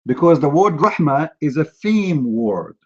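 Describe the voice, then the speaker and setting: A man's voice: fairly high pitch, very animated, unhurried, dull audio. Mocking man hosting a heated debate. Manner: mocking, combative, lecturing. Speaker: debate host. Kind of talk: heated live online debate.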